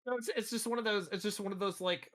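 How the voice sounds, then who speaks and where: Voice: mid-range voice, steady tone, fast, fairly bright tone. A streamer from the United States in casual livestream chat, rambling, restarting sentences and swearing freely.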